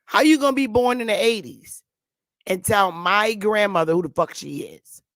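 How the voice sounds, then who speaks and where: A woman's voice: mid-range voice, normal speed, a bit bright, no echo, studio quality. A woman hosting a live stream, ranting with emphatic, profane talk and repeating the same rhetorical questions. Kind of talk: heated live-stream rant.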